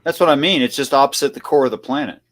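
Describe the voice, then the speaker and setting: A man calling in to a live stream for a casual chat, with joking, deadpan quips. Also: mid-range voice, fast talker. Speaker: caller.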